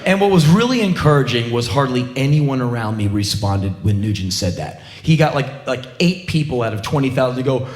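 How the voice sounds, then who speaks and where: A man's voice: mid-range voice, expressive, brisk, hardly any pauses, a little mellow, echoey room. A middle-aged man telling a sarcastic, profane comic story on stage. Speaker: spoken-word comedian.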